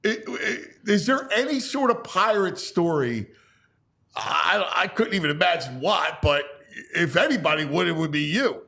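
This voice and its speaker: A male radio host with a high voice that swings widely in pitch. He trips over his openings and restarts before landing a playful question. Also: lively intonation, normal speed, creaky, bright, forceful tone. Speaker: show host. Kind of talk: casual radio chat.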